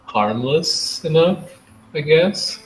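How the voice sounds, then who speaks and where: A man's voice: on the high side, expressive, drawn-out words, low-quality recording. A young man playing a character at a tabletop game, hesitant with dry humor. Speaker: player. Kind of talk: in-character roleplay.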